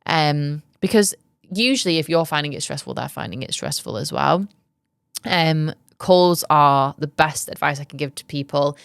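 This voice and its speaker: A woman's voice: deep voice, normal speed, gravelly, smooth, no room sound, clean studio sound. A young woman hosting a podcast, giving candid business advice in a chatty way, full of ums and likes. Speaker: podcast host. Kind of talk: casual advice chat.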